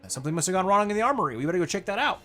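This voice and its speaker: A man voicing an excitable male crewman on a ship in a tabletop game. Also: sits high, racing, voice pushed up, heavily acted. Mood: alarmed.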